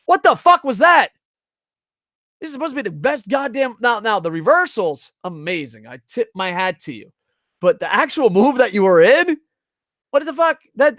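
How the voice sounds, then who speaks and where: A man's voice: high-pitched, fairly bright tone, no echo, studio quality. Profane, rambling male stream commentator. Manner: rambling, profane, reads chat aloud. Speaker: wrestling review streamer. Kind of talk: casual live-stream commentary. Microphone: desk microphone.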